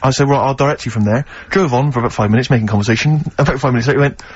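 A man's voice: mid-range voice, husky, dry recording. A man co-hosting a radio show, telling wry stories in casual banter. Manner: quick, wry storytelling. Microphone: studio microphone. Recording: dull lo-fi radio studio.

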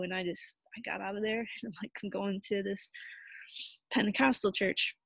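A young woman telling a personal story in a halting, heartfelt way, full of fillers and restarts, sounding tired. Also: mid-range voice, fairly bright tone, no room sound. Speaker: vlogger.

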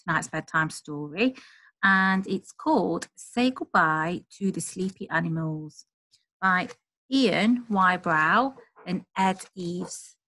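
A woman reading a children's bedtime story aloud, gentle and slow, with high, playful animal noises. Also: expressive.

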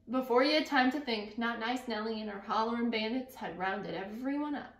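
A woman teacher reading a picture book aloud to her class, pausing to think out loud about what she imagines. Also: on the high side. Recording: echoey room.

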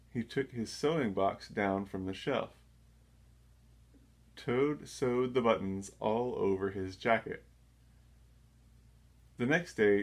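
Slow, low-voiced man reading a storybook. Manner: slow, gentle, measured. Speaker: storybook reader. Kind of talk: children's read-aloud narration.

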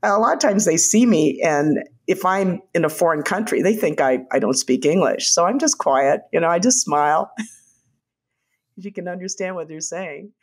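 Older woman guest, storyteller, lively anecdotes with quick quoted voices. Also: fairly low pitch. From United States. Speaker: guest, former White House physician. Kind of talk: conversational storytelling.

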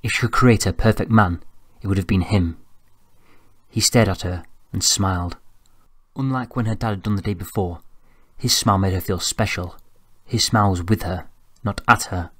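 A man reading an audiobook in an even, measured storytelling voice, close to the mic. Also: low voice, dry recording. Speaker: audiobook narrator. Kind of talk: scripted narration.

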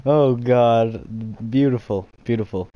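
A man's voice: mid-range voice, slow, dull audio, slight background noise. A man hosting a casual gaming video, laughing at himself and saying "you know" a lot. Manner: giggly, self-mocking, says "you know" often. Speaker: YouTube gaming host. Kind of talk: casual gaming chat with impressions.

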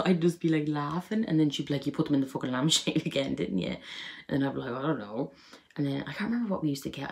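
A woman's voice: very deep voice, gravelly, a little mellow. A young woman chatting to camera, telling funny childhood stories with lots of fillers and laughter. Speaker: vlogger. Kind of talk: casual storytelling to camera.

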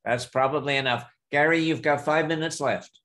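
A man moderating an online session, briskly reading out audience questions and keeping time. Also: a little high, steady tone, fairly bright tone. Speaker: webinar moderator.

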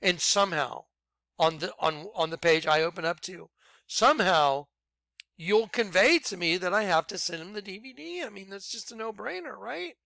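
A man leading a ministry, preaching informally in an animated way, laughing and swinging between loud outbursts and quiet asides. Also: high-pitched, moderate pace, vocal fry, no room sound, clean studio sound. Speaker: ministry leader.

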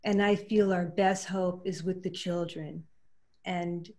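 Woman, slow-spoken, earnest, halting, emotional, video call panel talk. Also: on the low side, fairly even intonation, darkish tone. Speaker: quilt artist. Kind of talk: panel discussion.

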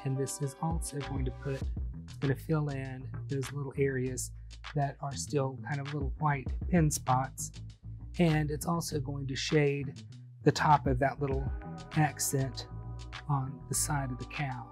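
A man calmly talking through a step-by-step painting tutorial, explaining each brushstroke as he goes. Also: mid-range voice, music in the background. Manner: friendly, unhurried, explains each brushstroke as he works. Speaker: painting instructor.

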